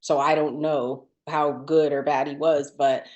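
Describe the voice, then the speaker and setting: A woman's voice: sits low, level tone, unhurried, darkish tone, dull audio. A woman co-hosting a podcast, chatting casually with many fillers and restarts. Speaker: podcast co-host. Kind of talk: casual chat.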